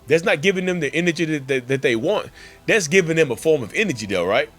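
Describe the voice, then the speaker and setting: A man's voice: fairly high pitch, expressive, quick pace, a bit bright, faint music behind. A man hosting a casual, emphatic monologue for his channel and addressing viewers directly as y'all. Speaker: channel host.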